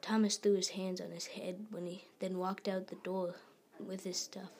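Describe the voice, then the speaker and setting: Woman reading a story in a gravelly whisper. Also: mid-range voice, level tone, a little mellow, slight background noise. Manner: halting reading with restarts. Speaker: story reader.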